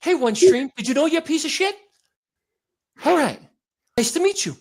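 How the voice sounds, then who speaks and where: A man voicing an impression of a breathless, punchy tough-guy movie star, with a hoarse voice. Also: very high voice, animated, moderate pace, voice pushed up. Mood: swaggering.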